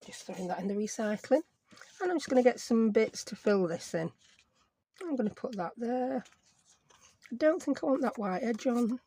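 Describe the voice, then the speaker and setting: A woman's voice: a little high, animated, normal speed, pauses often, mellow, slight background noise. A middle-aged woman with a Yorkshire accent, chatting and rambling casually as she crafts on her own channel, self-mocking and talkative. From Yorkshire, England.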